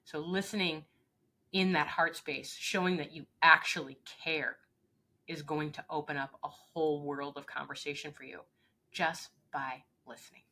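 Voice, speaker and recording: A woman's voice: sits low, fairly even intonation, normal speed, sharp tone. A woman leadership coach speaking earnestly and with emphasis in an interview, often acting out short exchanges. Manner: earnest, emphatic, acts out little dialogues. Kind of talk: interview conversation.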